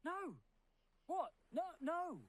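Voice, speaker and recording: A man's voice: extremely high pitch, very animated, slow, full character voice. An actor playing an angry young male monster hunter, heated and accusing, swearing as he confronts someone. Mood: shocked.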